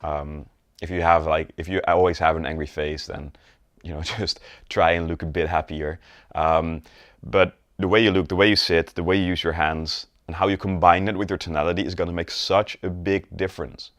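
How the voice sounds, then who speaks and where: This sales coach has a low, slightly bright voice with fairly even intonation and a moderate pace. His conversational video lesson, captured in studio quality with no room sound, has him checking in with the viewer often and showing postures and gestures as he speaks.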